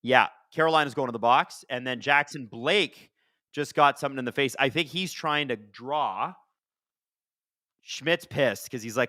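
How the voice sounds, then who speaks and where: A man hosting a live watch-along of a hockey game, chatting casually and reacting excitedly to the plays. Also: medium pitch, normal speed, dry recording, studio quality. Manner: chatty, excitable, swears casually, talks to chat. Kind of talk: casual live-stream commentary.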